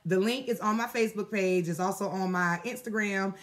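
A woman's voice: medium pitch, fairly quick. Woman, casual live stream host, chatty, filler words. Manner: chatty, laughing, many fillers.

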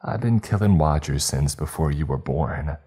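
A man's voice: rumbling low, animated, moderate pace, mellow, breathy edge, soft background music, exaggerated voice. A man voicing a taunting inhuman villainess. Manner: mocking, spiteful. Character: taunting inhuman female killer leader.

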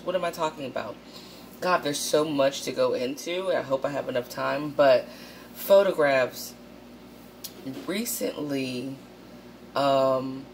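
A woman with a low, deep voice talks to camera in a casual vlog. She is blunt and profane and jumps into animated, louder quotes. A faint hum of noise sits behind her. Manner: animated, acts out quotes in a raised voice. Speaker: channel host.

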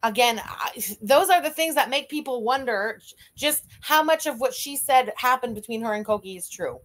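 A woman's voice: on the high side, lively intonation, normal speed, fairly bright tone. A young woman streamer giving blunt, profane, mocking live reaction commentary and thanking viewers for donations. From Canada.

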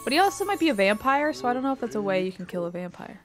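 A woman's voice: on the high side, sing-song, very fast, over loud music. A woman streamer giving casual gameplay commentary, exasperated and swearing, with muttered asides.

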